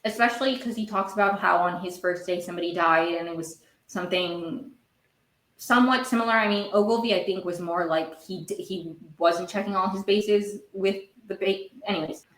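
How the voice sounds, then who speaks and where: This podcast host has a mid-range, slightly bright voice and talks through a TV episode casually, wandering off track, revising her own words, and flaring up quickly. The audio is rough and echoes.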